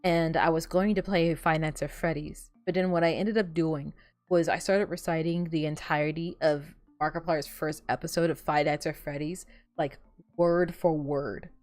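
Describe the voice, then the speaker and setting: A woman's voice: deep voice, steady tone, normal speed, darkish tone, dry recording, faint music behind. A woman streamer chatting casually while playing a game, telling stories in a rambling way full of fillers. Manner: rambling, filler-heavy storytelling. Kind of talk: casual gameplay chat.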